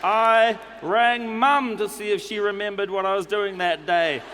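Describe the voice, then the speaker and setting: A prim New Zealand man, put on by a male comedian reads a formal complaint letter with fussy precision. The voice sits high, well above the comedian's own. It rings out through a reverberant hall, with faint ambience underneath. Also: fairly even intonation, a little slow, crowd noise, noisy background. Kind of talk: stand-up comedy reading. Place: comedy club stage.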